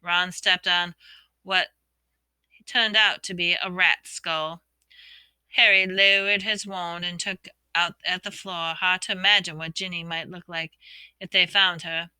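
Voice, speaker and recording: A woman reading a storybook aloud, expressively voicing the characters' shouts and whispers. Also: fairly low pitch, steady tone, measured pace, smooth, no echo. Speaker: audiobook reader.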